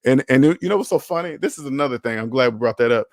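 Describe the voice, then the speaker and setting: A man's voice: medium pitch, animated, fast, dry recording, studio quality. A man hosting a casual livestream about money, talking bluntly and with lots of swearing, acting out both sides of phone calls. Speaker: finance channel host.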